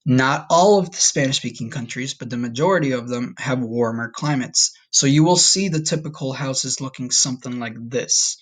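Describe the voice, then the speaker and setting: A man's voice: medium pitch, normal speed, few pauses. A man teaching a recorded Spanish lesson to his class, friendly and checking in often with "okay?". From United States.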